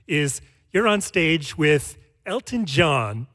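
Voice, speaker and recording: A man's voice: fairly high pitch, very animated, slow, fairly bright tone. A man interviewing a guest onstage, asking questions in an enthusiastic, admiring way.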